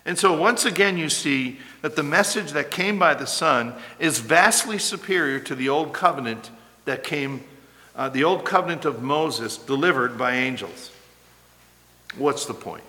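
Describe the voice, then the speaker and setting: Man, pastor, sermon, emphatic, slightly high voice, long echoing reverb. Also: bright, forceful tone. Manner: emphatic preaching, slowing and rising to stress key words.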